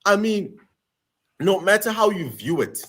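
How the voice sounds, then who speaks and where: A man's voice: sits high, big pitch swings, measured pace, fairly bright tone. A man from South Africa, a panelist on a political stream, speaking emphatically and repeating his points for stress. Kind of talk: passionate political commentary.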